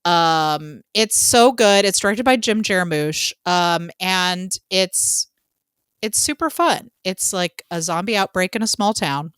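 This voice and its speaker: A woman co-hosting a casual podcast, chatty and excitable, swearing casually and jumping up in pitch when excited. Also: slow pace, clean tone, dry recording, clean studio sound. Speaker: podcast co-host. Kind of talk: casual chat.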